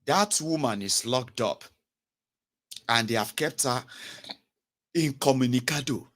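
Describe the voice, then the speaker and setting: A young Nigerian man with a Nigerian English accent and Pidgin, giving a casual, animated commentary monologue as host. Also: mid-range voice, unhurried. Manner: animated, mocking, switches to Pidgin and Yoruba.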